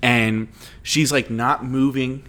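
A man telling a story in casual chat, animated and rambling, swearing freely. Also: medium pitch, slow pace.

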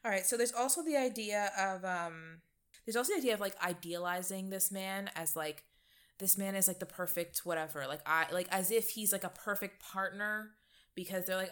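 A woman's voice: medium pitch, moderate pace, a bit bright. A woman co-hosting a casual talk show, blunt and profane, often mimicking people in a mocking voice. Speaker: podcast co-host. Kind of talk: casual chat.

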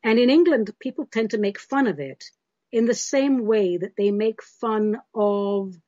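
A woman's voice: medium pitch, lively intonation, unhurried, mellow, dry recording, lo-fi sound. An American woman hosting a metaphysical talk show, speaking in an emphatic, frank, declarative way. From United States. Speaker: host.

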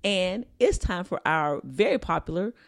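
A woman's voice: on the low side, animated, unhurried. A woman co-hosting a podcast, chatting casually with playful, teasing banter. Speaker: podcast co-host. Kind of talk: casual chat.

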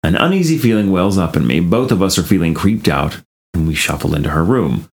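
A man co-hosting a podcast, reading a listener's ghost story aloud and breaking off into animated, laughing asides. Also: deep voice, a little fast, slight background noise.

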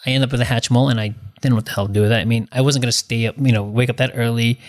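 A man telling a story in casual chat, rambling and excitable, full of fillers and restarts. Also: medium pitch, very fast.

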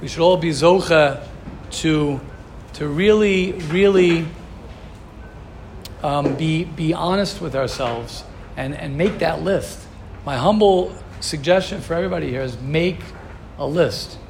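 Earnest high-voiced man teaching a class. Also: unhurried, creaky, darkish tone, a little hiss or hum. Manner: earnest, coaching with repeated questions. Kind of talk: Torah class talk.

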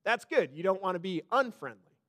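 Man, pastor, sermon, high-pitched, sharp bright tone, emphatic, repeats himself. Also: lively intonation, brisk. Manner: emphatic, building to loud high peaks then dropping soft; repeats words, addresses the congregation directly.

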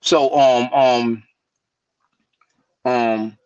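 A man's voice: extremely slow, clear, resonant tone, no echo. New man telling stories over a call. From New York. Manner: animated, acts out quoted voices with big pitch jumps. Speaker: guest rapper. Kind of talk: casual storytelling interview. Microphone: remote call mic. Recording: dull lo-fi web call audio, dry.

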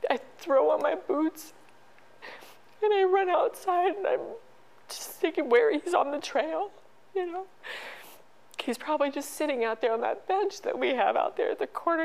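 A middle-aged woman telling a personal story as an interview guest, halting and emotional, with many restarts. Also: high-pitched, creaky, a little mellow, poor audio. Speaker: podcast guest.

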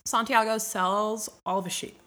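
A young woman casually recapping a novel for laughs, crude and irreverent, slipping into quick voices for the characters. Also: medium pitch, fairly even intonation, sharp tone. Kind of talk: casual comedic book recap.

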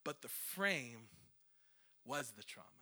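A man's voice: mid-range voice, animated, slow, sharp tone. A man in his thirties, a worship leader, preaching a conversational, emotional sermon with self-deprecating asides.

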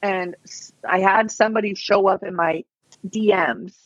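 A woman guests on a podcast, telling her story casually and chattily, with plenty of "like" and "um." She's an online reseller, and her voice is medium-pitched, steady, slightly rough, and moderately paced. The dry, dull, lo-fi podcast audio carries no room sound.

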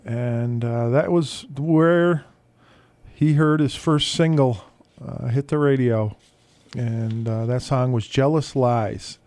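A man hosting a radio music show, telling stories between records in a relaxed, halting way with many fillers. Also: medium pitch, no room sound.

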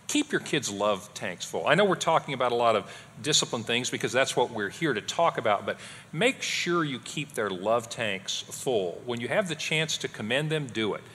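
A middle-aged man co-teaching a parenting class at a church, talking in an animated way and acting out what his family says. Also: mid-range voice, husky. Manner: animated, acts out quotes of his kids and wife. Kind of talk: conversational teaching talk. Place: church hall. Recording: long hall reverb.

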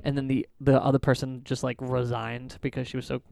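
A young man co-hosting a casual podcast chat, animated and rambling as he tells stories, laughing often. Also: mid-range voice, a little fast, gravelly, dry recording, studio quality. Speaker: podcast co-host.

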